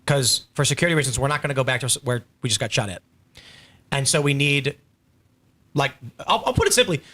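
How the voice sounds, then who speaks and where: A man's voice: medium pitch, lively intonation, fast, sharp tone. A man hosting a casual panel talk show, rambling through stories and reading viewer messages. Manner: rambling, storytelling with acted quotes. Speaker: host.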